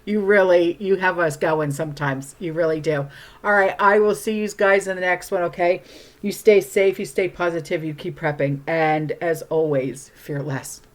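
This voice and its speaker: A woman's voice: fairly low pitch, steady tone, moderate pace. A woman hosting her channel, talking casually through news items and often checking in with "okay?". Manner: chatty, frequent "okay?" check-ins. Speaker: channel host.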